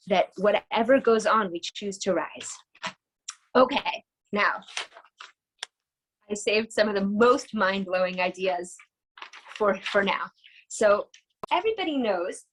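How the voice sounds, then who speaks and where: Enthusiastic female teacher, fairly high voice, chatty, quizzes the class. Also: slight background noise, low-quality recording. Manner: enthusiastic, chatty, asks the audience questions. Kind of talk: casual online lesson.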